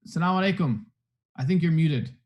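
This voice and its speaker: A man's voice: fairly high pitch, expressive, fast, dull audio. A man hosting a live online poetry event over a video call, joking with guests and sprinkling in Arabic phrases. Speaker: host.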